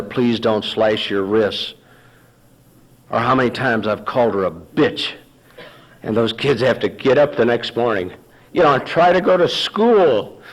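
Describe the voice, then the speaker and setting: At a recovery meeting, a Texan man gives a personal testimony in a mid-range voice over poor audio. He tells his own story as a narrative, acting out past arguments with a sarcastic edge.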